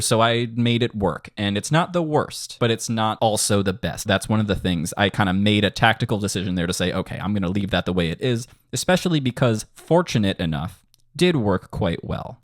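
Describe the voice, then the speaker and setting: A man's voice: lowish voice, dry recording, studio quality. A man teaching songwriting in an online tutorial, enthusiastic and sounding out syllables to show word stress. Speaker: music composition teacher. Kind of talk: screen-share music tutorial.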